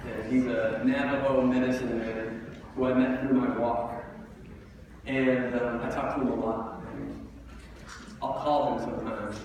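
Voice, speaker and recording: A man's voice: mid-range voice, level tone, a little slow, darkish tone, muffled recording, slight background noise. Young male guest speaker, earnest and reflective, picked up from far off in a big echoey school auditorium. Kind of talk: school assembly talk.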